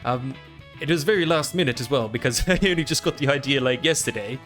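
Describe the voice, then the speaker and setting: A man chatting on a livestream in the persona of a vampire lord, easily distracted and quick to thank new followers. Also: medium pitch, fairly bright tone, soft background music. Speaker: VTuber streamer.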